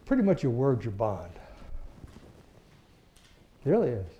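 A middle-aged man from Texas, preaching as a lively storyteller who chuckles often and acts out the people he quotes. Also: mid-range voice, measured pace, dull audio. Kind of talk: sermon testimony storytelling.

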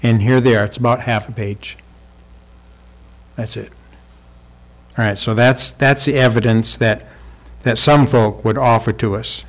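A man's voice: medium pitch, fairly even intonation, a little slow. A man preaching a sermon in a church hall. He talks emphatically and asks the congregation rhetorical questions. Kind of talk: sermon with visual aids.

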